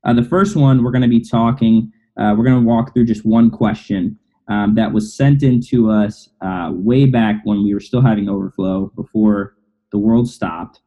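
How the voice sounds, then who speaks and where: A man hosting a casual podcast who talks in a relaxed, conversational way. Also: fairly low pitch, moderate pace. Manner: relaxed, conversational host talk. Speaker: podcast host. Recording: dull lo-fi audio.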